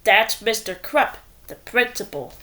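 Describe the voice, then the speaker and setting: A woman reading a children's book aloud in a playful, expressive way. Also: medium pitch, measured pace, slight background noise. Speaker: storyteller.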